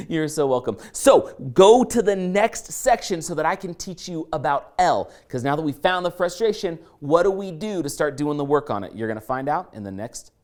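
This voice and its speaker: A man teaching an online course lesson through a story, animated and playful, acting out his own reactions as he goes. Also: on the high side, moderate pace. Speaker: course instructor.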